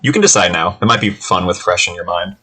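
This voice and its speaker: A man running a tabletop game as game master, easygoing and chatty, often laughing and filling pauses with "uh" and "um". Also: deep voice, pushed and bright, low-quality recording. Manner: easygoing, laughing, filler-heavy. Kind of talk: casual tabletop game narration.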